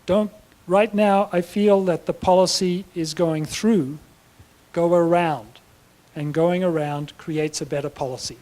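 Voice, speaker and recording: Male keynote speaker, explanatory and measured, mellow timbre, fielding questions from the floor. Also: high voice, fairly even intonation. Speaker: plenary speaker. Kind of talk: conference lecture and Q&A answers. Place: conference hall.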